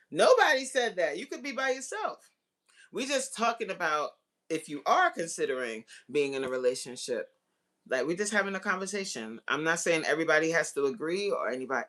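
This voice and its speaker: A woman coaching on relationships in a casual live-stream chat, excitable and talking straight to her viewers as y'all. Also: lowish voice.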